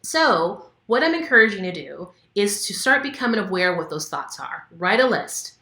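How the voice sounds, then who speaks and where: Woman coach talking to camera, loose and candid, lots of likes and ums, bright tense voice. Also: medium pitch, sing-song, normal speed, reverberant. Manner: candid and conversational, with many fillers. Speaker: wellness coach. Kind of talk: casual instructional talk to camera.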